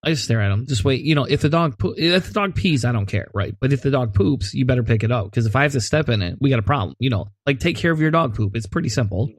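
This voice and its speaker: A man's voice: medium pitch, animated, fast, hardly any pauses, no echo, clean studio sound. A man co-hosting a podcast, chatting in an easygoing way with lots of asides. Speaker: podcast co-host. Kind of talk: casual chat.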